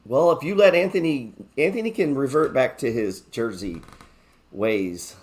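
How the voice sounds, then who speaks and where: A man's voice: mid-range voice, animated, unhurried, a little mellow. Chatty man hosting a market show. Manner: chatty, swears freely, brags and jokes; reads viewer chat aloud. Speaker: stock market show host. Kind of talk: casual live market commentary.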